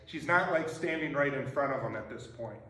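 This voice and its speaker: A man preaching a sermon as pastor, talking in a relaxed, conversational way and often checking in with "right?". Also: medium pitch, fairly quick. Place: church sanctuary. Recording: echoey church from far off.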